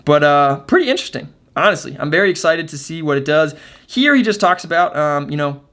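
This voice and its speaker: A man's voice: a little high, lively intonation, a little fast, fairly bright tone. A man hosting a video, talking casually to his viewers in a chatty, upbeat way full of fillers. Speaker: video host. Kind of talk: casual talk to camera.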